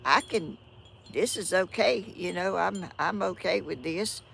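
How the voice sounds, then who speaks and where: Gravelly and lowish yet fairly bright, the vlog host's unhurried voice carries a Southern Georgia accent. The older woman chats casually and apologetically with her live-stream audience outdoors on a breezy morning, using a phone or tablet on a tripod, with slight background noise.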